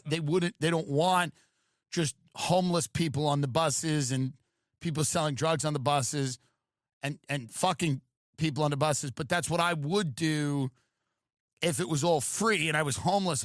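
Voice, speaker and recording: A man's voice: on the high side, normal speed, a bit bright, no echo, clean studio sound. A man hosting a comedy podcast, riffing sarcastically and acting out mocking voices.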